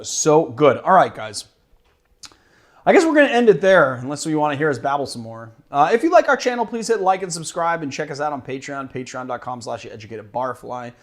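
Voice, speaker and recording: A man hosting a cocktail show, chatting casually about a drink he is tasting, rambling and self-deprecating and laughing easily. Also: medium pitch.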